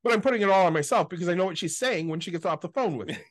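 A man co-hosting a podcast, venting quickly and profanely about family obligations in casual chat. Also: sits high, expressive, dry recording, clean studio sound. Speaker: podcast co-host.

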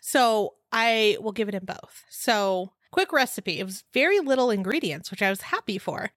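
A woman's voice: mid-range voice, expressive, moderate pace, a bit bright, no echo, studio quality. A woman co-hosting a casual podcast chat, laughing often as she talks. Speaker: podcast co-host.

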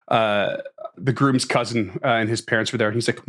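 A man's voice: fairly low pitch, fairly even intonation, moderate pace, fairly bright tone. A man chatting casually as a player on a tabletop game podcast, laughing often. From Canada. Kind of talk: casual chat.

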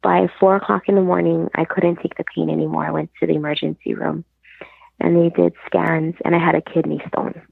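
A woman guest speaks over a tinny, dry phone line. Her low voice has a gravelly, husky texture. She tells her story earnestly and retells the conversations as she goes. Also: flat delivery, a little fast, no echo. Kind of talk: personal storytelling. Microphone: phone call.

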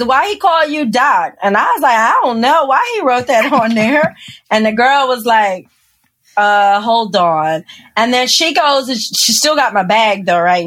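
A woman, a podcast guest telling a personal story with lively acted-out quotes and frequent laughter. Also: on the high side. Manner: animated storyteller, acts out quotes, laughs often. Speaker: podcast guest, engineer and speaker. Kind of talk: storytelling interview.

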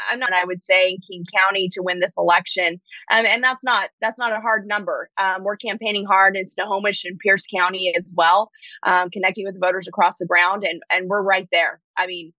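Bright-voiced woman candidate on a muffled line. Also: mid-range voice, no echo. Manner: upbeat, insistent stump-speech delivery. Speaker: political candidate, guest. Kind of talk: campaign talking points.

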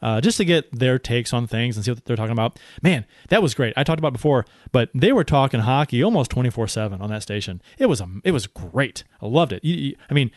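A man's voice: mid-range voice, fast, hardly any pauses, no echo. Guy on a sports podcast, fired up, cussing, keeps tripping over his words, dry close sound. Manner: excitable, swears, many restarts. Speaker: podcast co-host. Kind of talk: casual sports chat.

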